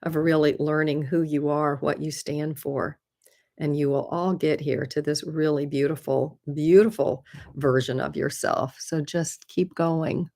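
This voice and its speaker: A woman's voice: low-pitched, steady tone, unhurried, mellow. A woman hosting a live stream, chatting candidly and earnestly with viewers, often laughing at herself and offering encouragement. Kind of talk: casual chat answering viewer comments.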